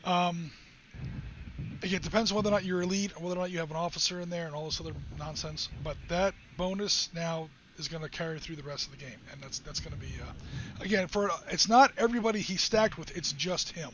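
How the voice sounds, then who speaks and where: A man's voice: fairly high pitch, quick pace. A man hosting a live wargame stream, chatting, joking and explaining rules in a casual way. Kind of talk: casual chat while explaining game rules. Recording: slightly dull stream audio with faint hiss.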